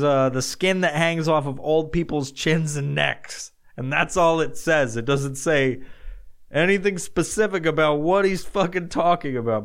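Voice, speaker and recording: A man's voice: fairly high pitch, smooth. A man hosting a solo podcast, rambling casually and swearing often while he answers odd questions, sometimes laughing at himself. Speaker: podcast host.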